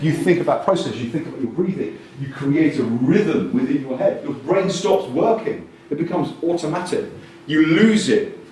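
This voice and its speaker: This conference speaker's pitch bounces everywhere while he cracks jokes and performs little scenes, voicing the quotes himself in an animated keynote. He's slightly high-voiced for a man and comes across as far from the mic. Faint background noise sits under the ringing echo of a big hall.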